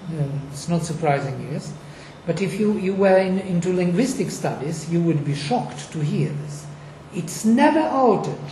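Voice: medium pitch, lively intonation, normal speed, hardly any pauses, warm tone. A speaker explaining ancient recitation on a discussion panel, emphatic and fond of rhetorical questions. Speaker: lecturer on Vedic recitation. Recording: echoey room, faint noise.

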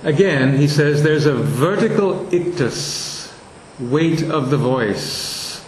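A man teaching a lesson on verse meter, slowly sounding out and repeating words to show where the stress falls. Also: a little high, reverberant, a little hiss or hum, rough recording.

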